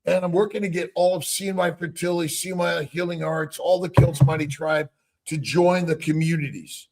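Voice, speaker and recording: Gravelly, high-voiced older man. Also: steady tone, brisk, a little mellow. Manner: upbeat, laughs easily, self-deprecating. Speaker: guest. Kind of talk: casual live-stream chat.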